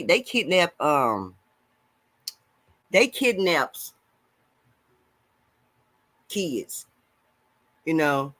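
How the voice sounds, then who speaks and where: A man talking on a casual live stream, reading viewer comments and preaching loudly, swinging between shouting and mumbling. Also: fairly high pitch, dry recording.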